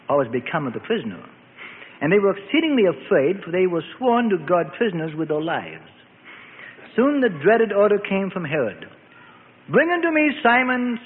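A man reading a biblical story aloud as dramatic scripted narration. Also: a little high. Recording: phone-like band with long reverb and faint noise.

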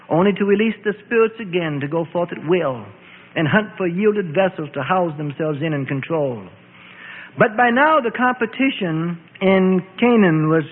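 Man, dramatic story narration, high voice, tinny radio sound. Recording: tinny phone-like radio with long reverb.

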